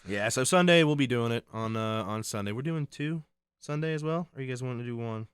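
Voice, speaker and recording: A man's voice: mid-range voice, a little fast, clear, resonant tone, no echo. A man co-hosting a podcast, joking bluntly in casual chat. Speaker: podcast co-host.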